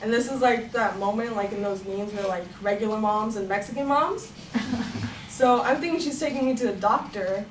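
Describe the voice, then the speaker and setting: A woman's voice: a little high, normal speed. A young woman telling a funny personal story in a chatty way, laughing as she goes. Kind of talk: personal story told to a room. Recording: echoey room, far from the mic, noisy.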